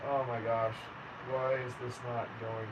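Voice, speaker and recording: A man's voice: medium pitch, flat delivery, unhurried. A man, chatting casually with viewers on a livestream and greeting them by name. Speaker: livestream host. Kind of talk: casual livestream chat reading comments. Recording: distant mic with faint background noise.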